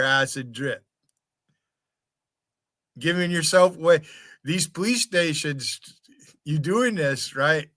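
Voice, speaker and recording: A man's voice: fairly high pitch, bright, forceful tone, no room sound, clean studio sound. An American man hosting a livestream, taunting and swearing at people in his chat in a mocking rant. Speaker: livestream host. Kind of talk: profane rant at chat viewers.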